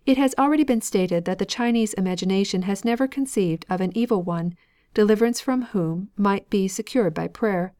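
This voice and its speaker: Woman reading a nonfiction audiobook, middle pitch, steady even narration. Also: brisk. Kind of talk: scripted narration.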